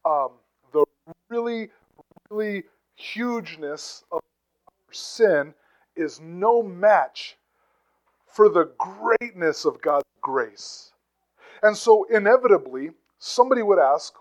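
A man's voice: sits high, lively intonation, slow pace, pauses often, poor audio. A man preaching a conversational teaching sermon, with asides, rhetorical questions and emphatic bursts on key phrases. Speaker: pastor.

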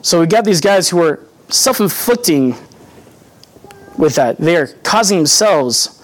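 A man's voice: a little high, lively intonation, a little slow. Earnest young man preaching. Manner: earnest, conversational teaching with acted-out quotes. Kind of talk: sermon.

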